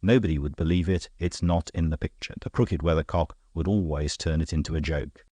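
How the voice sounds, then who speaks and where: A deep-voiced, worldly gentleman detective, as a man reads him aloud, explaining himself in a calm, dry, knowing way. The audiobook sound is close and dead, with no room around it. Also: a little fast, husky, no echo. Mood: wry.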